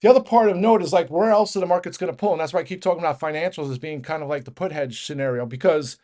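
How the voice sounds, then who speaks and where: A man giving a fast, rambling casual market rant as host, with many restarts and fillers. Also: fairly high pitch, warm tone. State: out of breath. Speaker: market commentator.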